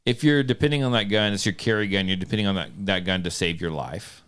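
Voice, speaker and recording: A man's voice: fairly low pitch, fast, a bit bright, clean tone. A man hosting a casual podcast, telling a story with frequent laughter and self-mocking humor. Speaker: podcast host. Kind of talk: casual chat. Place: home studio.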